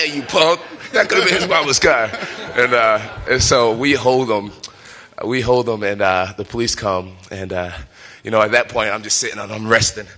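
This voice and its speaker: A bright, clear-toned young man in his twenties recounting a story with lots of animation. He laughs easily and acts out the lines of the people in it. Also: on the low side. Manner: lively, laughs often, acts out quotes. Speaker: professional fighter.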